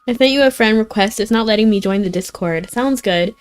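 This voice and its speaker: Talking a little fast and barely pausing, a young woman streams a fantasy game in a smooth, medium-pitched voice over soft background music. She keeps up a casual chat stuffed with "like," reacting emotionally as the narrative plays out.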